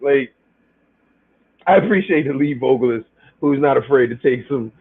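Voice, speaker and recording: A man's voice: mid-range voice, animated, moderate pace, slightly rough. A man co-hosting a casual podcast, joking in slang and laughing through his lines. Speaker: podcast co-host. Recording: phone-like band-limited call audio.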